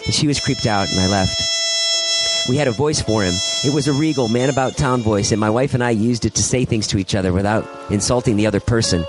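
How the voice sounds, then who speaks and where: A man's voice: lowish voice, fast, music in the background, low-quality recording. A man, a guest on a podcast, reading his own poem aloud in an earnest, wry way. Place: home man cave.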